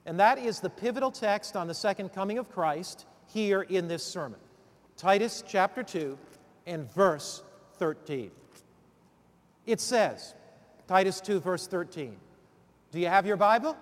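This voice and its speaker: A man's voice: high-pitched, unhurried. A man coaching preachers through a sermon series, then preaching the text with rousing call-and-response questions. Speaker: preacher training other preachers. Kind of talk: sermon-preparation instruction turning into preaching. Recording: long hall reverb.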